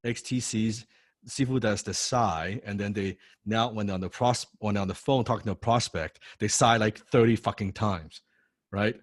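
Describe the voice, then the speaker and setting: A man's voice: fairly low pitch, moderate pace, no room sound. Male sales trainer, emphatic and repetitive, close dry mic. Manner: emphatic, repeats key phrases, acts out phone calls. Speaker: sales coach. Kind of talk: live sales training class.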